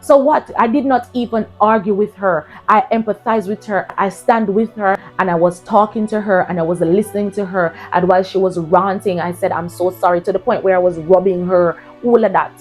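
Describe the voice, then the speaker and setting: Woman chatting to her viewers, telling her story, mid pitch, bit of music way in the back. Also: fairly quick, hardly any pauses, rough recording. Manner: animated, addresses viewers as "guys". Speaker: vlogger telling a personal story.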